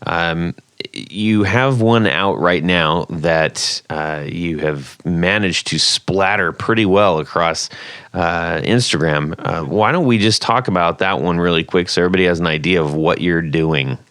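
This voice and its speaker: A man's voice: low voice, measured pace, fairly bright tone, smooth, no room sound, clean studio sound. A man hosting a podcast interview in casual chat, joking and laughing often. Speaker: podcast host.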